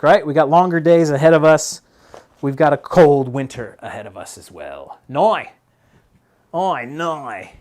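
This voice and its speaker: A man's voice: fairly high pitch, darkish tone. A man chatting casually on a live stream while he works on a mountain bike, rambling with lots of fillers and laughs.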